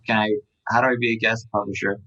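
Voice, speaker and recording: Low-voiced man chatting with lots of fillers. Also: fast talker, dull audio. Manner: relaxed, filler-heavy, lots of "um" and "like". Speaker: startup founder and writer. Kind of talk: casual interview conversation.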